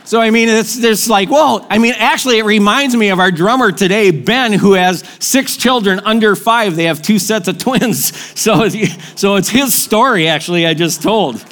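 A middle-aged male pastor, preaching an animated, joking sermon and telling stories to his congregation. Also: sits high, normal speed, hardly any pauses. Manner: animated, joking storyteller with crowd call-outs.

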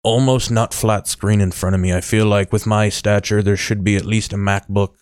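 Deadpan man riffing in dry sound. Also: fairly low pitch, normal speed, clear, resonant tone, dry recording. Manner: deadpan mock narration, joking asides. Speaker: comedian commentator. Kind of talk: sarcastic riffing over a video.

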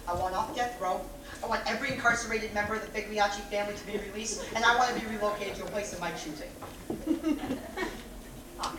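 A gleeful, joking cannibal convict, played by a woman who cackles at her own dark quips. The voice sits mid-range and is caught from far off on a stage. The recording is very echoey, with clear room noise behind it. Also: mid-range voice, lightly acted. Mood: bargaining. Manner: wisecracking, cackles at own jokes. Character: joking cannibal death-row prisoner. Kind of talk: stage play acting.

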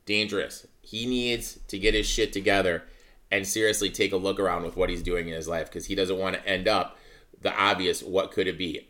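A man's voice: sits low, bright, forceful tone. A man hosting a sports podcast, talking casually and bluntly, cursing freely as he rants. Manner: blunt, profane ranting. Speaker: podcast host.

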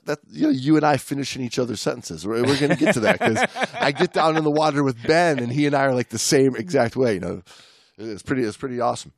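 A man's voice: medium pitch, quick pace, no room sound, clean studio sound. A man co-hosting a podcast, telling stories in casual chat with many restarts and laughs. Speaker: podcast co-host.

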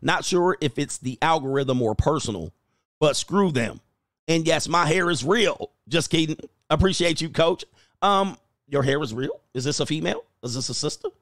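A man hosting a casual livestream, reading viewer comments aloud, animated and laughing, with loose swearing. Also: a little high, moderate pace, no room sound, clean studio sound. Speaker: livestream host reading chat.

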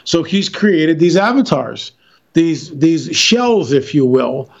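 Brief: male interview guest, emphatic storyteller, higher voice, dull lo-fi sound. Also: sing-song, takes it slowly, creaky. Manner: emphatic storytelling, frequent restarts. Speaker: interview guest, filmmaker and author. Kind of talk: animated radio interview talk.

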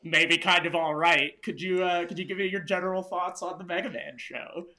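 A man co-hosting a casual chat, relaxed, full of fillers and swearing freely. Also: sits high, moderate pace. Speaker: podcast co-host.

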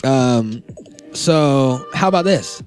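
A man's voice: mid-range voice, lively intonation, slow, faint music behind. A man co-hosting a casual podcast chat, joking and swearing, acting out little made-up quotes. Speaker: podcast co-host.

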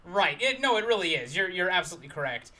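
A man with a bright, somewhat high voice joins a film podcast as a guest. He speaks enthusiastically and articulately, with the odd um between thoughts. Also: sing-song, fast. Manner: enthusiastic, articulate, frequent ums. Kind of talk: casual film discussion.

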